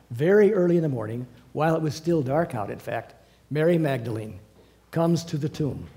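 A man teaching a Bible class to a small group in a meeting room. He reads and retells scripture in a lively storytelling way, with chuckles and asides. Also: medium pitch, fast talker.

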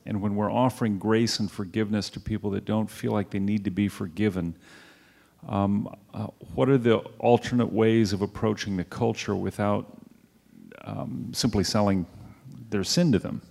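A man asking a question hesitantly, with many pauses and fillers. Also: fairly low pitch, steady tone, gravelly, darkish tone. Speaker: audience member asking a question.

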